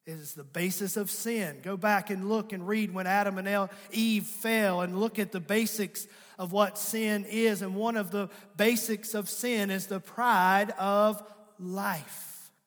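A man's voice: sits high, fairly even intonation, measured pace, fairly bright tone. A pastor preaching a sermon, building to emphatic calls and repeating his key lines. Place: church sanctuary. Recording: long hall reverb.

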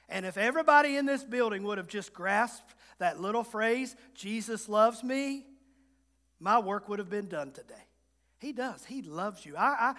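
A high-pitched, somewhat bright male voice carries a Southern Virginia accent as a guest preacher gives a humorous, folksy sermon. He builds to emphatic repetition, and the church hall recording has a long reverb.

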